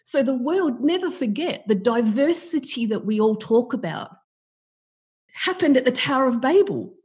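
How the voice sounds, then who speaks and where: A woman's voice: sits high, expressive, normal speed, a little mellow. Frank Australian woman, opinionated. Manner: frank, opinionated, laughs easily. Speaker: podcast guest, mentor. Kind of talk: casual interview chat.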